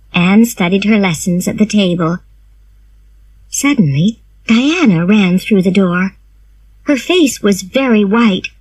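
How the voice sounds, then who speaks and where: Slow, expressive woman storybook narrator. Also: medium pitch, slightly rough, no echo. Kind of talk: slow storybook reading for learners.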